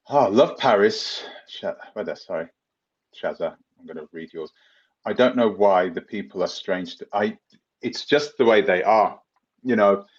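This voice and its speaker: A man with a London accent chats through a live Q&A, drifting from point to point and calling out viewers by name. His voice sits fairly low. The stream audio is dull and lo-fi. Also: husky. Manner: chatty, rambling, laughs often, addresses viewers by name. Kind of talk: live Q&A reading viewer comments.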